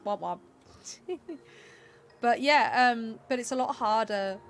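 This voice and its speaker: A woman's voice: on the high side, slow, soft background music. A woman with a Southern English accent, chatting casually and rambling as she streams a video game, laughing often. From England. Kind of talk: casual gameplay commentary.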